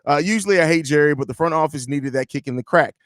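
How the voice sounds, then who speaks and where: A man's voice: a little high, fast talker, fairly bright tone, dry recording, studio quality. A man hosting a live sports podcast, rambling and joking profanely while reading chat aloud. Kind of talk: casual live-stream chat.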